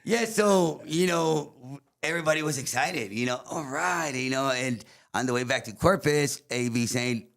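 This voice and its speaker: A man. He is a guest musician telling stories in casual chat. He talks in an animated way, switches between English and Spanish and laughs often. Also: medium pitch, normal speed, gravelly, few pauses. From South Texas. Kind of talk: casual storytelling.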